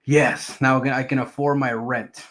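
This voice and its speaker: A man's voice: mid-range voice, moderate pace. A man giving casual, emphatic market commentary on his stream, repeating his points. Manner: emphatic, repetitive, animated swings in loudness. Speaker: crypto streamer.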